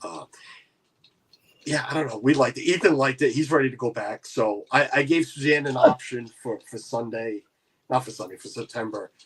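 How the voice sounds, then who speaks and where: A man's voice: mid-range voice, moderate pace, breathy edge. A man hosting a casual livestream chat, rambling with many restarts. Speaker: livestream host.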